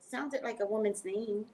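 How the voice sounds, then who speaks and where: Speaking from home into a webcam mic, a woman with a mid-range voice runs a laid-back psychic livestream. She addresses her viewers directly, animated and laughing a lot.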